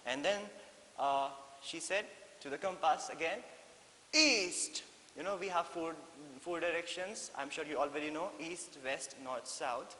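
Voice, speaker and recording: An Indian man teaching an English lesson in a classroom, explaining slowly and repeating phrases with frequent "okay?" checks. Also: a little high, a bit bright. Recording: echoey hall with faint hiss.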